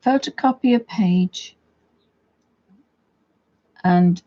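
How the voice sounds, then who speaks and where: A woman's voice: fairly low pitch, extremely slow, lo-fi sound. A woman chatting casually as she walks through a coloring tutorial at home, rambling a little as she works. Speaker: craft video host.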